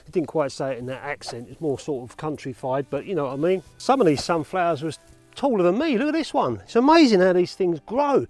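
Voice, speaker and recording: A man's voice: a little high, lively intonation, fairly quick, a little mellow, soft background music. Chatty man vlogging. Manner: chatty and upbeat. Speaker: film photography vlogger. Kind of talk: casual chat to camera.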